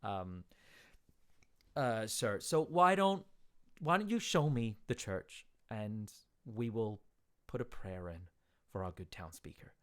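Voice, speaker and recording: A man's voice: lowish voice, expressive, slow, fairly bright tone, smooth. A man playing a pushy, rambling merchant. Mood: wheedling. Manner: rambling, insistent, impatient. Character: pushy young male merchant in his thirties.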